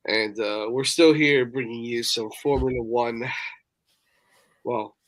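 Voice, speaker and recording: A man's voice: mid-range voice, slow pace. Rambling laid-back male podcast co-host. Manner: loose, rambling, laughs at himself. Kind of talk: casual sports chat.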